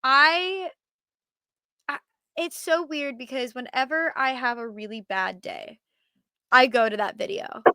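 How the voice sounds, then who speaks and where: A young woman from Minnesota, a podcast guest telling lively anecdotes with laughs. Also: high-pitched, a little slow, pauses often, clear, resonant tone, dry recording. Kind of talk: casual storytelling.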